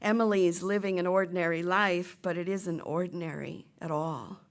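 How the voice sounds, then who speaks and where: A woman's voice: lowish voice, normal speed. Woman minister acting out a story. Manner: acts out the characters' lines with lively shifts in voice. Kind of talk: sermon with storytelling.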